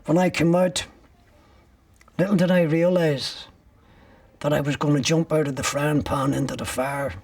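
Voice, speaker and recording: An older man with a gravelly, husky voice, recounting his story bluntly and swearing freely. He sounds a little distant from the microphone, and his voice sits slightly higher than most men's. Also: steady tone, moderate pace, long pauses, a little mellow, no room sound. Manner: blunt, profane, vivid storytelling. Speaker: interviewee. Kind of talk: recounting personal ordeal.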